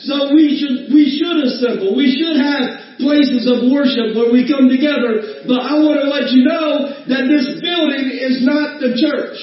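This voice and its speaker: A man's voice: very high voice, a little slow, hardly any pauses. A middle-aged man pastor preaching a sermon in a church, calling out for amens from the congregation. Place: church sanctuary. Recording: roomy echo, distant mic, slightly dull.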